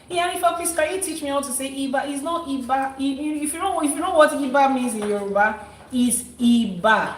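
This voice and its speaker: A woman's voice: medium pitch, slight background noise. A woman leading a live-streamed spiritual session as an Ifa priestess, coaxing and teasing her guest and chanting prayers. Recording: roomy sound from a distant mic.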